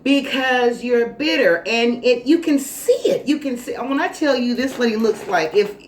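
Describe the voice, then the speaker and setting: A woman vlogger telling a story in a casual monologue, animated, dramatic and sassy. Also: a little high, normal speed. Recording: roomy echo, faint noise.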